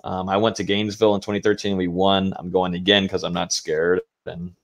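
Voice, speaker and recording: Deep-voiced, laid-back young sports co-host. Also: male voice, level tone, a little fast. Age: young adult. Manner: laid-back, rambling, laughs easily. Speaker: co-host, team analyst. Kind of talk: casual sports talk show.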